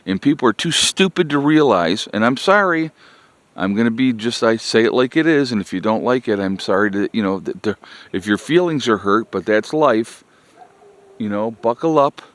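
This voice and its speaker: A man's voice: mid-range voice, no room sound. A man giving a blunt, exasperated political rant to his viewers, repeating his points and calling them "folks". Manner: exasperated, repetitive, keeps addressing "folks". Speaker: political commentary vlogger.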